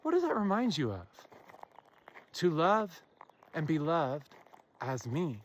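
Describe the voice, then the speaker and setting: Woman speaker, earnest solo talk to camera, slows to stress key phrases, asks listeners questions. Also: deep voice, big pitch swings, slight background noise. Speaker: self-help speaker. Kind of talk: impassioned spiritual monologue.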